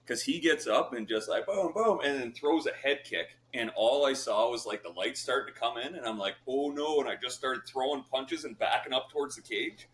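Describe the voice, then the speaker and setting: A man's voice: medium pitch, fairly quick, few pauses, a bit bright. A man from Canada, a guest on a podcast, telling stories casually with lots of swearing and fillers. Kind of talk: casual storytelling.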